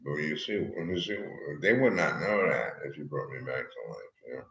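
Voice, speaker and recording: A man with a very low, forceful voice rambles in a disjointed stream, swearing and flaring into shouts. The sound is roomy and echoey. The recording is dull and lo-fi. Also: lively intonation, moderate pace, creaky. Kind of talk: rambling talk.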